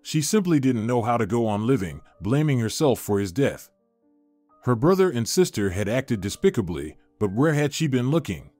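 Guy narrating a story, even n measured, dry close sound, soft music under. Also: medium pitch, dry recording.

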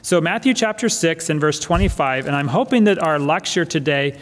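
A man's voice: a little high, expressive, moderate pace. Man preaching a sermon in a reverberant church. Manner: emphatic preaching, repeating key phrases. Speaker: pastor. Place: church sanctuary.

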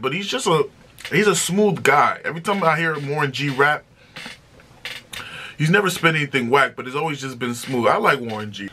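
A young man hosting a casual music reaction review, talking in an excitable, slangy, chatty way. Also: a little high.

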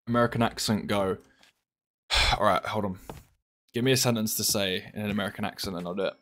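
A young man, chatting casually and joking while playing a game, often swearing and getting excited. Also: fairly low pitch, fairly quick. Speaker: gaming streamer.

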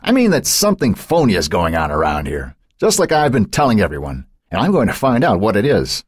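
A man voicing a gruff, irritable male editor who growls and grumbles in an audiobook. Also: lowish voice, wildly swooping pitch, brisk, dry recording, studio quality, pitched above the performer's own voice, exaggerated voice. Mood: grumbling.

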